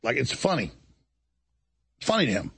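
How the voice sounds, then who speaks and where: A man's voice: mid-range voice, wildly swooping pitch, moderate pace, vocal fry, a bit bright, slightly rough. A man hosting a talk show, delivering an indignant monologue and acting out other people's lines as he tells the story. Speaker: show host.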